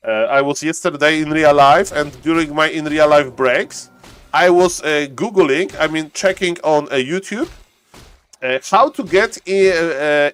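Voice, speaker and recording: Man, game caster, live stream commentary, fairly high voice, very animated pitch, chatty, excitable, frequent laughs. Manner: excitable, chatty, laughs often, halting restarts.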